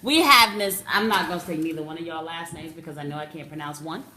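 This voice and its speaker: A woman's voice: low voice, fast, sharp tone, reverberant. A woman hosting a radio show, teasing her co-host and introducing guests. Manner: teasing, laughs often. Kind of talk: casual radio chat.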